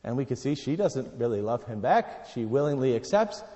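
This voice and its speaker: A man preaching a sermon, reading scripture aloud and swinging between quiet, low passages and loud, emphatic ones. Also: big pitch swings, moderate pace, big-room sound.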